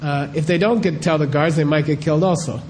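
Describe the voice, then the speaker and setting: Middle-aged male teacher, slightly high mellow voice, casual conversational delivery, peppers his talk with rhetorical questions. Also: steady tone, fast, a little hiss or hum. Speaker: spiritual teacher.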